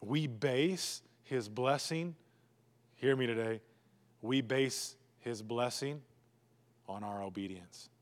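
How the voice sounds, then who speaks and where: A man preaching a sermon as pastor, emphatic and repetitive, swinging between loud urging and hushed, low lines. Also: takes it slowly, long pauses, big-room sound. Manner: emphatic, repetitive preaching with sudden drops to a hush.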